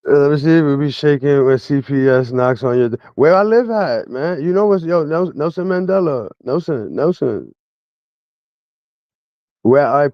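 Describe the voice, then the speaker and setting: A man's voice: on the high side, expressive, normal speed, dry recording, lo-fi sound. A man livestreaming a casual rant at his chat in a mocking, slang-heavy way.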